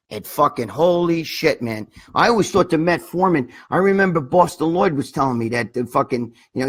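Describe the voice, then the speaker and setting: A middle-aged New man with a husky, slightly raspy voice hosts a casual livestream chat. He rambles in a blunt, profane way, circling back to his points with plenty of filler and swearing. His pitch sits at an ordinary middle level for a man. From New York. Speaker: livestream host.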